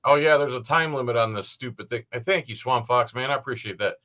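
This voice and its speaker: Bright-voiced man rambling with sarcastic asides. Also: medium pitch, fast. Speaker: host. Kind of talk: casual commentary on a video.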